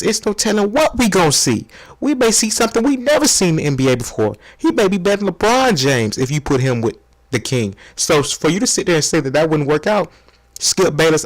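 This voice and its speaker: A man's voice: mid-range voice, lightly acted. A man putting on a brash, slangy sports TV pundit who hypes up his favorite player, in a comedy spoof of a sports debate show.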